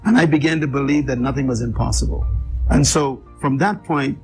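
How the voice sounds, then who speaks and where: Man, interview guest, emphatic storyteller, repeats phrases for effect, pauses for drama, mid-pitched voice, faint music behind. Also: poor audio. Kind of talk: personal life story in an interview.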